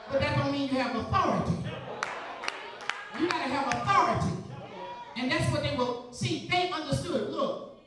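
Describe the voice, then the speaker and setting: A preacher, delivering a rhythmic call-and-response sermon, firing questions at the congregation and repeating phrases. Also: high voice. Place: large church sanctuary. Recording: echoey church, picked up from far off, congregation audible.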